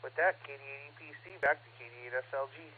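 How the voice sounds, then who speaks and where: Brisk man on a noisy radio line. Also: medium pitch, narrow, tinny audio. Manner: brisk, formulaic. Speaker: net control operator. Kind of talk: formal ham radio check-in. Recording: radio transmission, faint noise.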